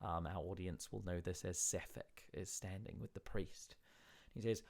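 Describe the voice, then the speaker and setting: A man narrating a tabletop game as dungeon master, describing scenes in a relaxed way with filler words. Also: low-pitched, normal speed, gravelly.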